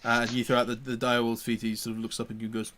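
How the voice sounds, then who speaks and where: Man, game master, tabletop narration, halting, lots of restarts. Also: medium pitch, monotone, noisy background. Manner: halting, many restarts and fillers.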